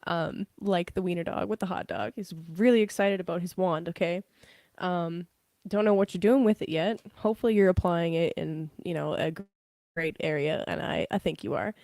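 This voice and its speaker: Young woman, tarot reader, low voice, chatty and laughing, casual swearing, dry close sound. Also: normal speed, darkish tone, no echo. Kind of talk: casual live tarot reading.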